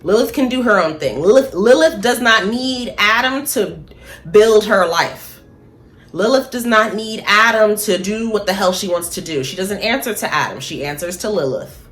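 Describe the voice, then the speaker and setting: A woman talking casually and bluntly to camera, swearing freely, laughing at her own points and slowing down for emphasis. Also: mid-range voice, animated, a bit bright. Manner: slows down for emphasis. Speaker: spiritual vlogger. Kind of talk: casual opinion monologue.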